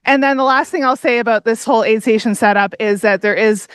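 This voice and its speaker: A woman's voice: on the high side, fast, clear, resonant tone, dry recording. A woman in her thirties from Canada doing live race commentary, enthusiastic and chatty, often laughing. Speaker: livestream commentator. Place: outdoor aid station.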